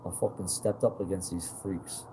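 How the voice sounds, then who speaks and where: A man with a fairly low voice talks to his viewers in a loose, rambling monologue. He sounds agitated and swears often. He keeps asking questions and restarts them with "like" and "uh", and a faint background hiss runs under him. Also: steady tone, moderate pace, mellow. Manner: agitated and profane, with many fillers and repeated questions.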